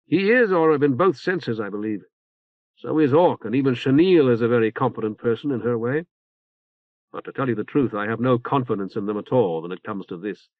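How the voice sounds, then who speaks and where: A man voicing a calm young male leader who speaks in a measured way. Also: mid-range voice, dry recording, close to an everyday voice. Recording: tinny phone-like band.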